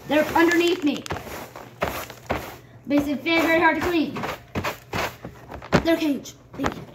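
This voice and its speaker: A woman's voice: high voice, a little slow. Chatty young woman, noisy room. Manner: chatty, rambling, scolds her pets playfully. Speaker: vlogger. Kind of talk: casual vlog chat while cleaning a rabbit cage. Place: home room with rabbit cage. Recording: loud background noise.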